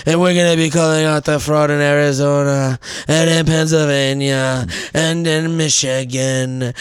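A man doing an impression of a blustering older male politician, reading out posts slowly and with repetitive emphasis. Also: on the high side, flat delivery, clear, resonant tone, dry recording, natural voice. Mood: worked up. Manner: slow, emphatic, repetitive boasting.

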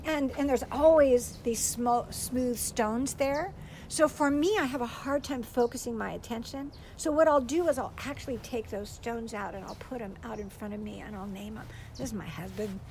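An older woman giving a gentle, earnest faith teaching to a group, tearful at times as she speaks. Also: fairly high pitch, normal speed, a little hiss or hum, rough recording. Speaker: speaker teaching on prayer for children.

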